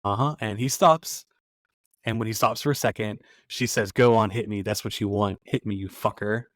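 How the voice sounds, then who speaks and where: A man hosting a podcast, casually recapping a film scene and acting out its lines in a quieter voice. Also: on the low side, steady tone, moderate pace, no echo. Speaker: podcast host.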